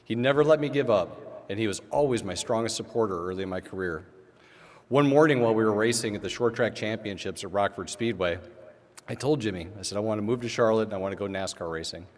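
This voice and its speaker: A man's voice: fairly low pitch, fast. Middle-aged man telling stories in a big hall. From Illinois. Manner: storytelling with frequent restarts and chuckles. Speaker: Hall of Fame inductee giving a speech. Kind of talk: emotional acceptance speech. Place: large hall. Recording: long hall reverb.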